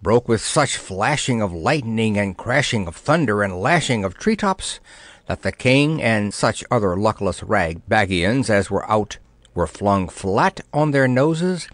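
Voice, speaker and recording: A man narrating a children's storybook in an expressive, playful way. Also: mid-range voice, dry recording. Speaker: audiobook narrator.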